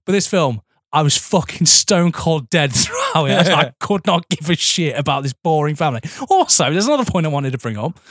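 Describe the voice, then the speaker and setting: A man co-hosting a film podcast, swearing and mocking the film in quick banter. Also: on the high side, wildly swooping pitch, fairly bright tone, no echo, studio quality. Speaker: podcast co-host. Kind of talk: casual film-review banter.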